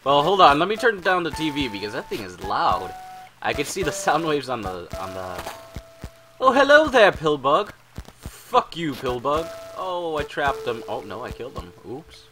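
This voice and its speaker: A man casually commenting over his video game, rambling, playful and quick to swear. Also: a little high, very animated. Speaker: gaming channel host. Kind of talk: casual let's-play commentary. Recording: game music playing under voice. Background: video game music.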